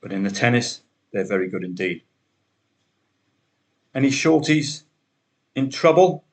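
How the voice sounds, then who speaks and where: A man's voice: medium pitch, expressive, measured pace. A man hosting a solo betting podcast, talking through the day's matches in a chatty way with wry asides.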